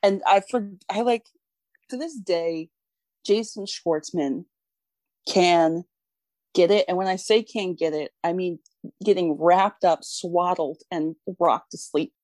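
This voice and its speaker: A woman's voice: lowish voice, slow, darkish tone, dry recording. A woman co-hosting a casual podcast, talking enthusiastically about films and laughing often. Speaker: podcast co-host. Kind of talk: casual film discussion.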